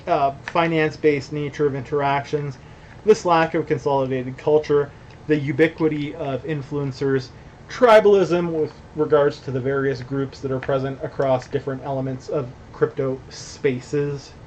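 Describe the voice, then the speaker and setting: A man's voice: a little high, fairly even intonation, normal speed, a little mellow, lo-fi sound, a little hiss or hum. Blunt rambling man on a stream. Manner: blunt, rambling, swearing, laughing asides. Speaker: company founder hosting a stream. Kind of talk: casual streamed commentary with chat reading.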